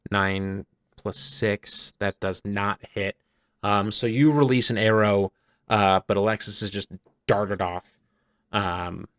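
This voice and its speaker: A man's voice: fairly low pitch, smooth, no echo, studio quality. A man hosting and running a tabletop game, talking casually with lots of fillers. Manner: casual, filler-heavy, relaxed. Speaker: game master and host.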